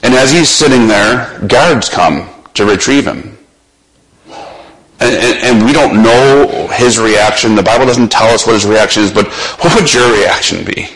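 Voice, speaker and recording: Slow, dramatic male preacher. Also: on the low side, fairly bright tone, poor audio. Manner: slow and dramatic, retells scripture in the listener's place. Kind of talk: sermon.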